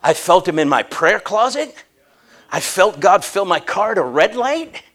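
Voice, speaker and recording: A man's voice: sits high, a little slow. A man preaching a humorous sermon, telling a story with jokes and frequent laughter. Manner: animated, joking, laughs often.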